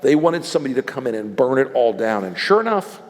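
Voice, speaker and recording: Speaking at a quick pace, this man's medium-pitched voice is very animated. He's a political strategist on stage at a live event, telling blunt, salty tales to an audience and acting out whoever he quotes, with the hall's reverb audible.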